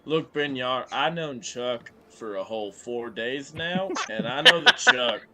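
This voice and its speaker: A man's voice: mid-range voice, sing-song, unhurried, vocal fry, a loud crowd. A man playing a pompous male governor in a tabletop game, speaking in a grand, folksy drawl. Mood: grandiose.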